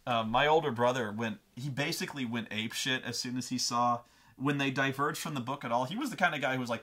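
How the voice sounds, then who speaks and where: A man's voice: mid-range voice, a little fast, bright, forceful tone. Rambling, foul-mouthed man host. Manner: rambling, profane, tangent-prone. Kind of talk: comedic rant.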